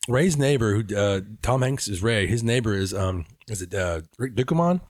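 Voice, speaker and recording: Animated, profane podcast co-host. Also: male voice, on the low side, normal speed, dry recording, studio quality. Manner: animated, profane, acts out movie lines. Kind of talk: casual chat.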